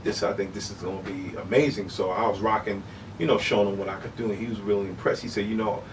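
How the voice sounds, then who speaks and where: A middle-aged man telling stories as an interview guest, animated and casual, often saying "you know what I'm saying". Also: lowish voice, quick pace, recorded from a distance, noisy background. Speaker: human beatboxer, interview guest.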